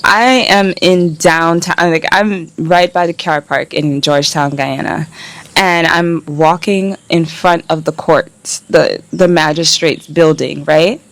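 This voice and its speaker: A woman's voice: low-pitched, steady tone, takes it slowly, no echo. Young woman, travel vlogger, blunt, exasperated, candid storytelling, swears freely. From United States. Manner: exasperated, blunt, swears, acts out men's catcalls.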